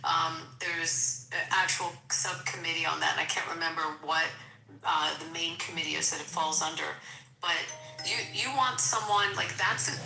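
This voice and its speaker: A woman with a Philadelphia accent, a guest in a casual political discussion, talking haltingly with many restarts. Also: mid-range voice, bright, forceful tone, echoey room, far from the mic, poor audio.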